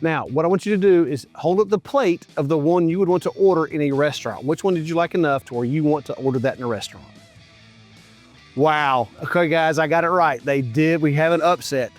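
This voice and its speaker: A man's voice: a little high, a little fast, soft background music. A middle-aged man hosting a barbecue cooking show outdoors at a grill, chatting enthusiastically and straight to his viewers as he tastes. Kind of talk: casual cooking and tasting commentary.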